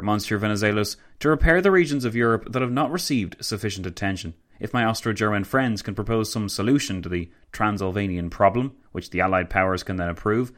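A man voicing a brash, provocative male prime minister who talks loudly and needles others. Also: lowish voice, close to an everyday voice. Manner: loud, needling, quick.

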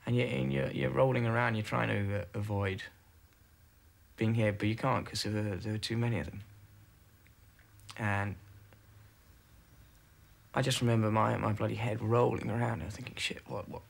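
A man recounting a personal ordeal in halting testimony, full of fillers and restarts. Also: lowish voice, fairly even intonation, vocal fry. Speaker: interviewee recalling captivity.

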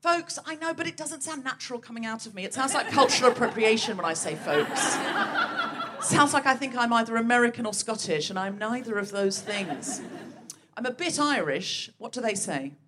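A woman's voice: fairly high pitch, expressive, brisk, background noise. A woman hosting a live comedy podcast on a theatre stage, bantering with the audience in a chatty, self-mocking way. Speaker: podcast host.

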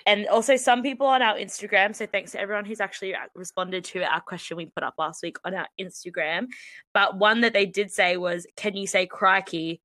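Australian woman, bright, casual podcast chat. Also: mid-range voice, brisk, no room sound. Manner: laughs often, swears, acts out quoted people. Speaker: podcast co-host.

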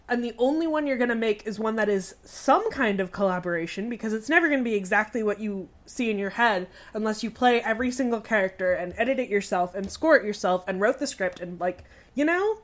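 A woman with a slightly high voice argues her views in a casual podcast chat. She speaks emphatically and firmly, with an opinionated edge. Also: expressive, brisk. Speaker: podcast co-host.

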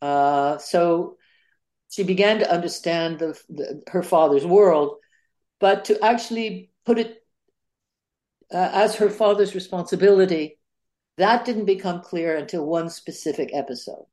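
An older woman historian answering interview questions on a podcast, speaking in halting sentences full of fillers and restarts. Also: lowish voice, darkish tone. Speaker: author and historian guest.

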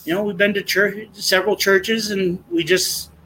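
A man's voice: sits high, flat delivery, moderate pace, bright, forceful tone, a little hiss or hum, poor audio. A middle-aged man, a guest sharing his testimony in an earnest, impassioned, rambling way. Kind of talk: casual conversation.

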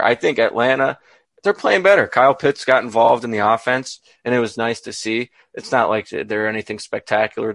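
A man with a low, gravelly voice walks through betting picks in a measured way. The sound is dry and close. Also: fairly bright tone, no room sound. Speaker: podcast co-host. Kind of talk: casual sports betting talk.

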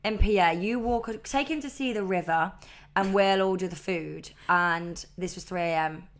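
A woman's voice: on the low side, unhurried. A woman co-hosting a podcast in casual chat, cracking jokes with laughing asides. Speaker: podcast co-host.

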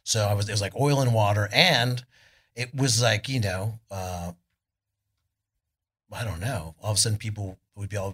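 A middle-aged man from California, a guest musician telling laid-back, animated stories at a live podcast show, acting out what others said. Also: on the low side, moderate pace, long pauses, slightly rough. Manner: laid-back, animated storytelling with voices for quotes. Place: arts club on stage before an audience.

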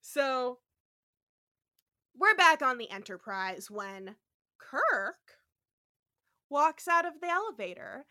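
A woman co-hosting a podcast, recapping an episode in casual chat, animated and swearing freely as she acts out the characters' lines. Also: sits high, takes it slowly, long pauses. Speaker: podcast co-host.

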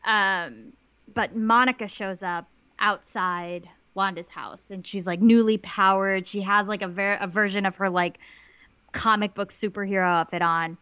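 A woman's voice: medium pitch, steady tone, a little slow, pushed and bright, smooth, no room sound. Woman, casual podcast recap, chatty, filler-heavy, dry slightly dull recording. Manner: chatty, many "like" fillers, quotes lines in little voices. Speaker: podcast co-host.

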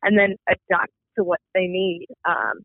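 A man with a high, gravelly voice comes through a tinny phone line as co-host. He reads out marketing points in a casual way, dotted with "um" fillers. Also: flat delivery, measured pace, dry recording. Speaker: podcast co-host. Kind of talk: casual business chat.

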